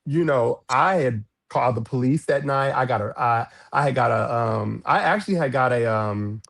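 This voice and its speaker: A man telling a story as a podcast guest, frank and animated, with cursing and sudden high jumps in pitch when he quotes people. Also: moderate pace, creaky. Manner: frank, swears freely. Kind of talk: storytelling in a casual interview.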